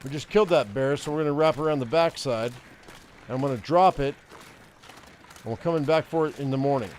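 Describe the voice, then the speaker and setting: A man's voice: a little high, fairly quick, darkish tone, slight background noise. An older man giving casual, profane gameplay commentary, ranting and rambling with frequent restarts. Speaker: gaming streamer.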